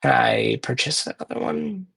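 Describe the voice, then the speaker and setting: Streaming a speedrun, a man offers casual commentary and thinks out loud as he plays, frequently correcting himself. His voice is mid-range, gravelly, husky and fairly bright, with huge pitch swings at a normal speed.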